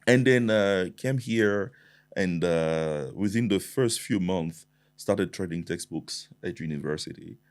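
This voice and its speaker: A young man with a fairly low voice, talking as the guest of an interview. He tells his life story in an animated way and often repeats a phrase to drive it home. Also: a little slow. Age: 20s. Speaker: entrepreneur guest.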